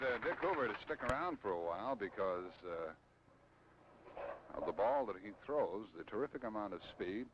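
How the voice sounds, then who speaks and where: A man's voice: deep voice, expressive, moderate pace. A man hosting a televised bowling show, introducing the players with an upbeat announcer's manner and then calling the play. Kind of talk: TV sports commentary. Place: bowling alley. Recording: noisy old TV broadcast.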